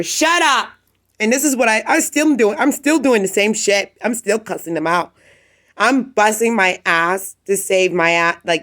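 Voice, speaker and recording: A woman ranting in a casual, rambling monologue from her apartment, agitated and swearing often. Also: on the low side. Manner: agitated, profane, rambling rant. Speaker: vlogger.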